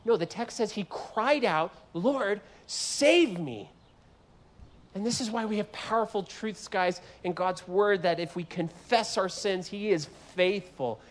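A man preaching a sermon in an animated, joking way, acting out voices from the scripture he reads. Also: high-pitched. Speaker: guest preacher.

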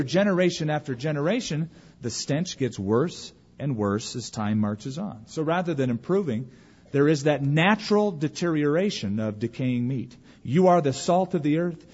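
A man preaching a sermon as pastor, emphatic, slowing for weight and dropping to a hush at the ends of phrases. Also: a little high, breathy edge. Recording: dull lo-fi recording.

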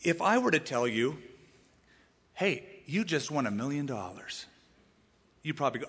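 Animated male pastor preaching in a hall. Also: a little high, moderate pace, pauses often, breathy edge. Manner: animated, acts out quoted voices. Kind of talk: sermon. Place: church sanctuary.

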